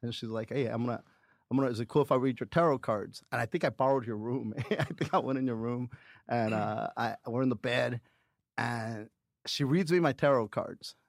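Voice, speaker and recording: A man's voice: mid-range voice, normal speed, gravelly, no room sound, clean studio sound. A middle-aged man, a comedian guest, telling profane stories in casual podcast chat and acting out the quotes. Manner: profane, animated storytelling with acted-out quotes.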